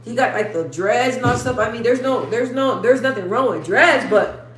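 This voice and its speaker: A young woman hosting a casual livestream, reading viewer comments and rambling in slangy asides. She lifts her speaking voice above her natural lower register. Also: lively intonation, moderate pace, echoey room, a little hiss or hum. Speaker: livestream host.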